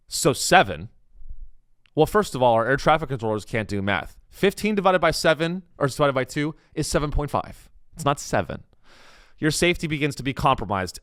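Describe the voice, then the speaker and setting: A man's voice: mid-range voice, big pitch swings, normal speed, a bit bright, no echo, studio quality. A young man hosting a comedy podcast, riffing sarcastically on the news and acting out the people he mocks. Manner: sarcastic, rambling, acts out quoted people.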